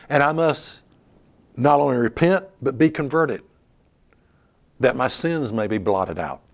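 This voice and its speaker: A man preaching an earnest, emphatic sermon as the host of a religious show, stressing key words. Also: on the high side. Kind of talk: televised sermon.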